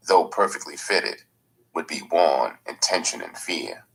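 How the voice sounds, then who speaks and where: A man narrates a first-person memoir with slow, measured, gritty delivery. His voice sits very low and has a husky edge. Soft music plays faintly under the reading. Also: animated, rough recording. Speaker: audiobook narrator.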